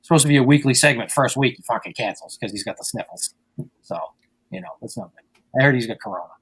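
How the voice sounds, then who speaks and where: Male podcast host, rapid-fire, crude and ranty. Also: medium pitch, a bit bright, breathy edge. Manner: rambling, profane, ranting. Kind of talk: crude casual chat.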